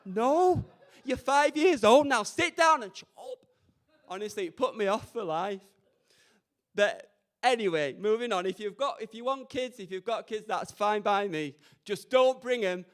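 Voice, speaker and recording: High smooth-voiced young guy from up north doing camp stand-up at an open mic, cheeky. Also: a bit bright. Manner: cheeky, self-deprecating, camp. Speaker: stand-up comedian. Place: community radio open mic event.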